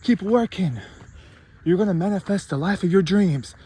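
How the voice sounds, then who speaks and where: A man's voice: high voice, normal speed, dark tone, slightly rough, pitched above the performer's own voice. A man putting on the voice of a cheesy motivational coach, chirpy and patronizing. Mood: mock-cheerful.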